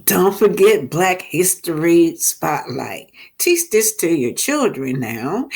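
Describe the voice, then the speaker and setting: A woman host chatting through a casual recap of a reality show, telling it like a story. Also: low-pitched.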